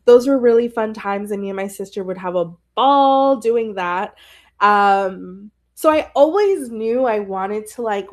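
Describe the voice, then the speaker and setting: A young adult woman hosting a podcast, telling a personal story in a rambling, emotional way with many fillers. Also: on the high side. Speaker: podcast host.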